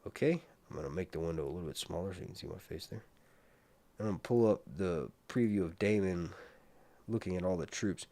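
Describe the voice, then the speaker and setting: A man's voice: low voice, fairly quick, no echo. Rambling man livestreaming, dry mic. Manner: rambling, animated, mutters asides to himself. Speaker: livestream host reviewing a TV series. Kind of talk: casual livestream chat.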